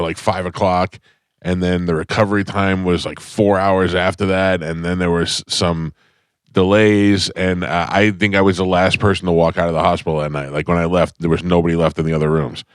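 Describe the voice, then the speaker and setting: A man's voice: low voice, little pitch movement, fairly quick, clean tone, dry recording. A male radio host in casual studio chat, telling a long, self-deprecating comic story with lots of detours. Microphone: studio microphone.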